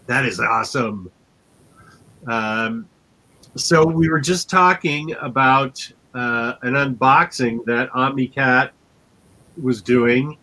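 A man's voice: medium pitch, slow pace, bright, forceful tone. A man hosting a casual comic book review show, easygoing and upbeat, with a stuffed-up nose. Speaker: host. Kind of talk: casual chat.

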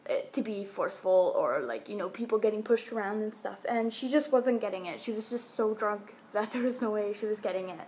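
A young woman recounts a story casually into her phone at home, drifting through fillers and asides. Her voice sits at a middle pitch. There is faint background noise behind her. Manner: rambling, full of fillers like "like" and "um", laughs now and then. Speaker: vlogger. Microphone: phone or webcam.

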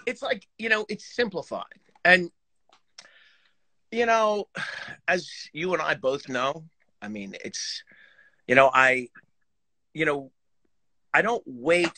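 A man on a video call chatting casually, animated and swearing, with lots of fillers. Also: on the high side, unhurried, pauses often, no room sound. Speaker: guest horn player.

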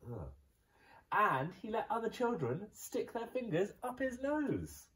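Lively male teacher reading a storybook. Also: sits high, takes it slowly, recorded from a distance, a little hiss or hum, rough recording. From England. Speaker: primary school teacher. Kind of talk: reading a children's picture book aloud.

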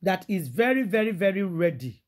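A woman's voice: medium pitch, big pitch swings, normal speed. A Nigerian woman delivering dramatic celebrity gossip in Pidgin English, theatrical and full of exclamations and repetition.

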